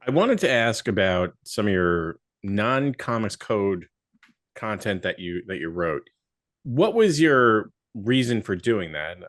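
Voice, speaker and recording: Low-voiced man asking hesitant questions. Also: very animated, slow, no room sound, clean studio sound. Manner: hesitant, searching for words. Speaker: podcast host. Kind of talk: interview questions.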